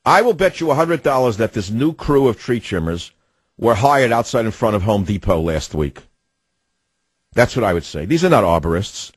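Husky-voiced ranting radio host, a man. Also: on the low side, lively intonation, normal speed, no echo. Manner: indignant, ranting commentary; sardonic asides. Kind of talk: talk radio monologue.

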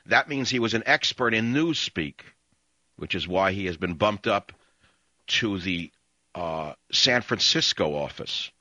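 A man's voice: lowish voice, expressive, measured pace, bright, forceful tone, no room sound, lo-fi sound. Angry man ranting on radio. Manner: angry, ranting, insulting, repetitive. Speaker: radio talk show host. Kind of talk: radio talk show rant.

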